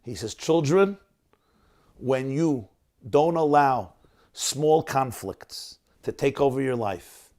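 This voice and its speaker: A male rabbi telling a story in a sermon over a video call, animated and acting out the quotes. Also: medium pitch, takes it slowly.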